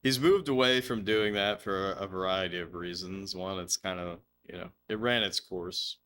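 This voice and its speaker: A man's voice: deep voice, normal speed, a bit bright, a little hiss or hum. A man streaming a game live, chatting loosely, swearing and laughing as he rambles through stories. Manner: rambling, laughing, swearing, slips into silly put-on voices. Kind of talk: casual live-stream chat over gameplay.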